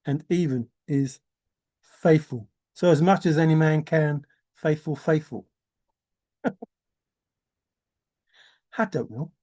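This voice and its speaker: A man's voice: a little high, slow pace, long pauses, mellow. A man rambling in a teasing, giggly solo monologue, often laughing and repeating words. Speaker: treasure-hunt video maker.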